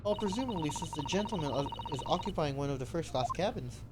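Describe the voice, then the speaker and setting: A streamer voicing a polite young woman assistant, speaking softly and quickly. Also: on the high side, expressive, heavy background noise, natural voice.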